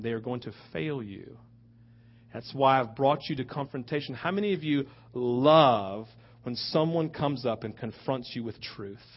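A man preaching a sermon, switching between loud rhetorical questions and hushed asides. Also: medium pitch. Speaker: pastor. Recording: dull lo-fi recording.

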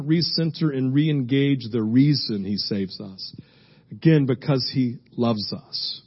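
A man's voice: medium pitch, husky, highs cut off. A man preaching a sermon as pastor, emphatic and repetitive, driving his points home with repeated phrases.

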